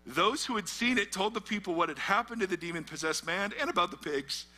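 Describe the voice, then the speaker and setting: Brisk and expressive, this middle-aged pastor's high-pitched voice has a bright, forceful tone. He works through a Bible passage in a conversational, emphatic sermon, prompting the congregation to fill in the blanks.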